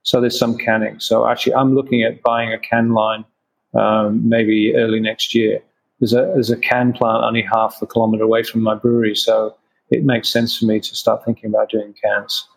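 A man's voice: lowish voice, level tone, moderate pace, gravelly, a little hiss or hum, poor audio. A man in an interview, a craft brewer answering questions with many restarts and fillers.

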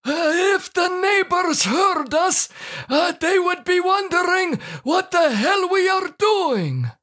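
A woman voicing a bumbling married man in a scripted comedy sketch, speaking halting broken English full of "uh" fillers. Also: extremely high pitch, big pitch swings, fairly bright tone, heavily acted. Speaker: co-host of a comedy show.

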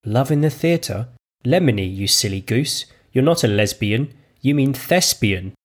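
A man voicing a prim, condescending young woman who speaks in a measured, patronising way in a read-aloud story. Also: mid-range voice, animated.

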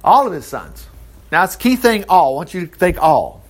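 A man's voice: high-pitched, sing-song, fairly quick. A man preaching in a folksy, storytelling way, full of wry asides. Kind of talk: sermon, conversational storytelling.

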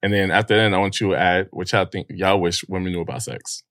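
A man's voice: deep voice, fairly even intonation, fast talker, a bit bright, dry recording, studio quality. Joking man hosting a podcast. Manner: joking, blunt and loose. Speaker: podcast host. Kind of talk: casual podcast chat reading a list.

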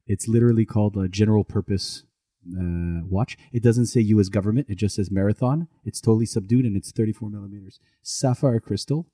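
A middle-aged man co-hosts a podcast, chatting casually in a lowish, warm voice at a brisk pace. He rambles through stories and often corrects himself, and the recording is dry with clean studio sound.

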